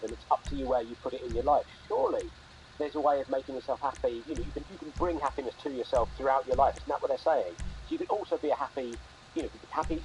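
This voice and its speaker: A man co-hosting a comedy podcast, quick, upbeat and jokey. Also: fairly high pitch, a little mellow, slight background noise, low-quality recording. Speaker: podcast co-host. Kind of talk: casual comedy podcast chat.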